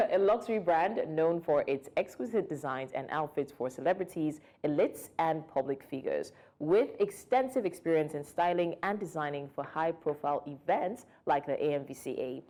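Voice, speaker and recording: Woman talk-show host, low dark tone, chatty, laughs easily. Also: expressive, moderate pace, few pauses. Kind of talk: studio talk show hosting. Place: TV studio.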